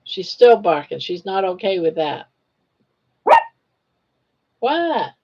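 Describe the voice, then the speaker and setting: A woman's voice: fairly low pitch, very animated, slow pace, mellow, slightly rough, muffled recording. An older woman hosting a casual crochet live stream, chatting, teasing viewers and counting stitches aloud.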